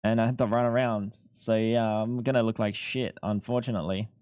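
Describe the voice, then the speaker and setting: A man's voice: lowish voice, steady tone, brisk, darkish tone, clean tone, no echo. Young guy streaming, rambly n sweary, dead dry headset mic. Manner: swears freely, rambling and laid-back. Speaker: live streamer. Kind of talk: casual live-stream chat.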